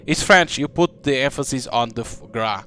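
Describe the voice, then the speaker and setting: A man's voice: mid-range voice, normal speed, a bit bright, slight background noise, lightly acted. A man doing a haughty, prim young lady. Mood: condescending. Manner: prim, condescending, drawling. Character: haughty, refined young woman with French airs.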